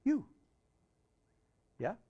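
A man preaching a sermon as pastor, asking the congregation questions and dropping his voice low at the ends of phrases. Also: drawn-out words, dark tone, muffled recording. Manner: asks the congregation many questions, conversational preaching.

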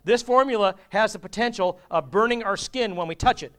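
A man's voice: high voice, brisk, fairly bright tone. Joking, conversational male preacher. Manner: humorous, conversational, asks the congregation. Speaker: pastor. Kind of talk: sermon.

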